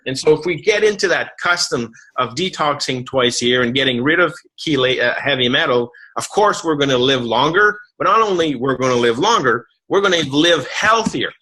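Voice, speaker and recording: A man's voice: mid-range voice, expressive, moderate pace, hardly any pauses, bright, forceful tone, rough recording. A middle-aged man giving an earnest promotional health talk, explaining benefits step by step with frequent repeated words. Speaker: product presenter.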